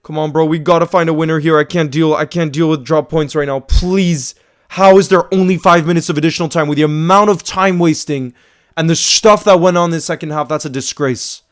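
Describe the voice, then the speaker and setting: Excitable male fan calling a match. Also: on the high side, fairly quick. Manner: emotional, swings from frustrated to screaming excitement; calls play by play, repeats phrases. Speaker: fan watchalong host. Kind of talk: live fan commentary.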